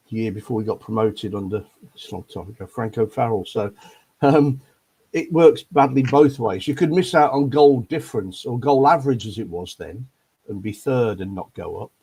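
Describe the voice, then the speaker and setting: A man's voice: medium pitch, normal speed, dark tone, breathy edge. An older man from Leicester, grumbling his way through a rambling casual chat about football on a fan panel. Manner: grumbling, rambling with many ums.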